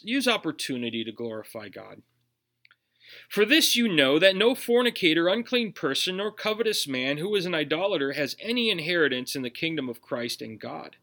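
A man's voice: fairly high pitch, big pitch swings, normal speed, sharp tone. A man with a Minnesotan accent, preaching a sermon earnestly, with emphatic rhetorical questions. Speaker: pastor.

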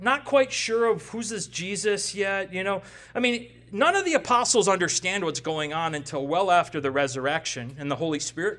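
A man's voice: high-pitched, fairly bright tone. A man in his forties preaching a conversational, emphatic sermon, often checking in with the congregation. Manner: conversational, emphatic, frequent "right?" tags. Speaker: pastor. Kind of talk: expository sermon.

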